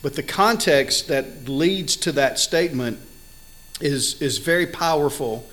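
Earnest male preacher, fairly high voice. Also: measured pace, fairly bright tone, rough recording. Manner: earnest, builds emphasis on key words, with some fillers and restarts. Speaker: pastor. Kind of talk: sermon.

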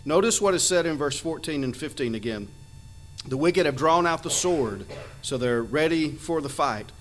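A man preaching a sermon, earnest and emphatic, reading Bible verses aloud and slowing down on his key phrases. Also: a little high, animated, slight background noise. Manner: reads Bible verses in old-fashioned wording. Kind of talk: sermon on scripture.

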